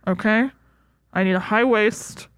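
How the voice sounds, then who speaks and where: A woman co-hosting a casual movie recap, blunt and sarcastic, slipping into quick voices for the characters. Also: medium pitch, clear, resonant tone, no room sound. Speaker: podcast co-host.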